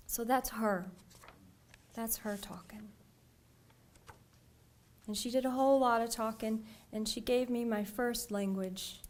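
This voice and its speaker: A woman poet reads her work aloud at an unhurried, lingering pace. Her voice sits a little high, and she lets the ends of her phrases sink into a soft, breathy near-whisper. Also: steady tone. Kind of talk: poetry reading.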